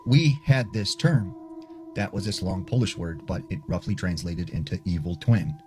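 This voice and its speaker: A man's voice: low voice, normal speed, noisy background, lightly acted. A man voicing an old grandfather who earnestly recalls his boyhood, in a spoken ghost story.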